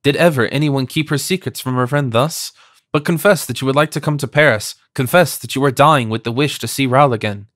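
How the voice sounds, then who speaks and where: A man reading an audiobook, voicing a lively young woman who coaxes and teases her friend. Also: mid-range voice, fairly quick, no echo, clean studio sound, natural voice. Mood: coaxing. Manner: coaxing, insistent.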